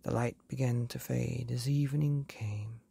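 A woman reads a bedtime story in a calm, even manner. Her voice is gravelly and husky, dark and mellow in tone. The sound is close and dry, with no room echo. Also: very deep voice, unhurried.

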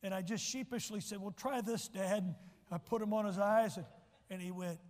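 A man's voice: high voice, steady tone, a little fast, darkish tone, big-room sound. A man preaching a sermon as pastor, telling personal stories and building to emphatic lines. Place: church sanctuary.

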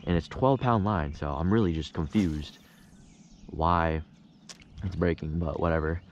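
A young man on a lake chats casually to his camera with a lowish voice, quick to get frustrated or excited and tossing in "bro." The sound is muffled and lo-fi, with a faint outdoor hiss behind him. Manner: frustrated, excitable, swears mildly, says "bro". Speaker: fishing vlogger. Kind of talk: casual on-the-water vlog.

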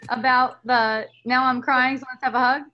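A woman's voice: high voice, level tone, moderate pace, lo-fi sound, a crowd in the background. A woman talking as a spiritual teacher in a casual dialogue, earnest and rambling, with many restarts and fillers.

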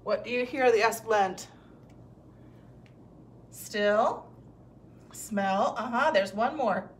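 A woman's voice: on the high side, slow. A woman teacher giving a recorded phonics lesson to young children, patiently sounding out words and praising answers.

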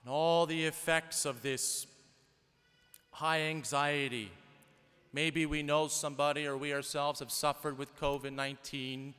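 Conversational priest in an echoing church. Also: male voice, on the high side, little pitch movement, measured pace, bright, forceful tone, clear, resonant tone. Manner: conversational, storytelling with rhetorical questions. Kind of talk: sermon. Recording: long church reverb.

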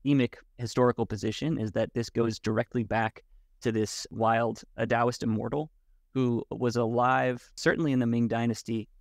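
A man as a podcast guest, talking in a thoughtful, halting way with many restarts. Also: medium pitch, flat delivery, no echo, studio quality. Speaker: podcast guest, Wudang martial arts teacher. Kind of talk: casual conversation.

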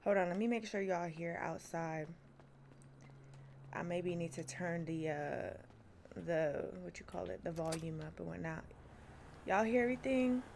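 A woman's voice: lowish voice, measured pace, gravelly, long pauses, darkish tone, slight background noise. Chatty young woman streamer greeting chat. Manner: chatty, laughs often, greets chat by name. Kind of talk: casual livestream chat.

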